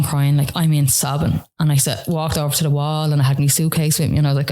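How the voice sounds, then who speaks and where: An Irish woman telling her own story as a podcast interview guest, emotional and halting, with many "like" and "you know" fillers. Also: deep voice, level tone, mellow.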